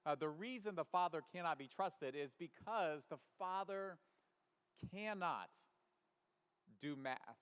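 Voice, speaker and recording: A man's voice: on the high side, fairly bright tone. A man preaching a sermon in a church, earnest and thinking aloud with frequent fillers. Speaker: pastor. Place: church sanctuary. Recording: reverberant church hall.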